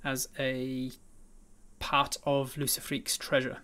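A man's voice: medium pitch, monotone, slow pace, pushed and bright, clean tone. A man narrating a tabletop role-playing game as game master, describing the scene with frequent ums and uhs.

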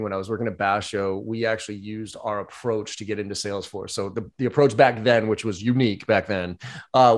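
Fast-talking blunt Boston man. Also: on the low side. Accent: Boston, softened. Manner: fast, blunt, swears freely. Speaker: podcast guest, sales trainer. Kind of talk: casual podcast chat.

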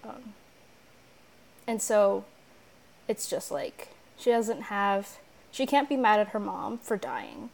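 A woman's voice: medium pitch, very animated, slow, creaky, pauses often. Rambling young woman chatting casually. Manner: rambling, many likes and restarts. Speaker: podcast co-host. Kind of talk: casual chat about an anime.

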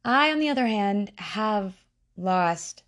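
A woman's voice: mid-range voice, lively intonation, slow, a bit bright. A woman hosting a casual true-crime podcast, talking bluntly, swearing freely and breaking off into frank personal asides. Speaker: podcast host.

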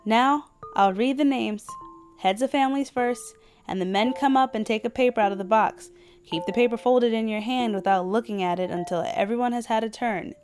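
A woman's voice: a little high, moderate pace, a little mellow, soft background music, lightly acted. A woman doing a folksy small-town official. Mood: cheerful brisk. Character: brisk small-town male lottery official.

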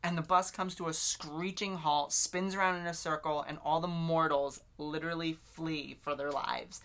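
Woman podcast co-host, low-ish bright voice, chatty book recap with lots of filler words. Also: fairly even intonation, moderate pace. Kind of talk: casual book discussion.

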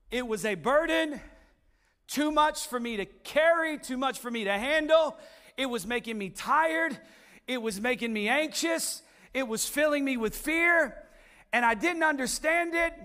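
A male pastor, preaching a sermon that swells into shouted build-ups and drops to quiet asides. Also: extremely high pitch.

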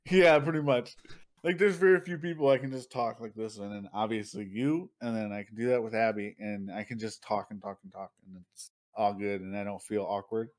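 A young man chatting casually as a podcast co-host, telling stories with lively acted-out outbursts and frequent laughter. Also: lowish voice, fairly quick. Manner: animated storytelling, acting out people with loud outbursts, laughs often. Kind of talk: casual chat.

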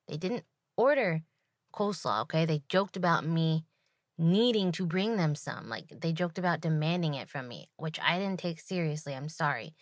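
A woman host rants through a story in a sarcastic, animated, exasperated way. Her voice sits fairly low for a woman. The recording is dry and close, with no room sound. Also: no room sound. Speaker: podcast host. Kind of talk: solo storytelling rant.

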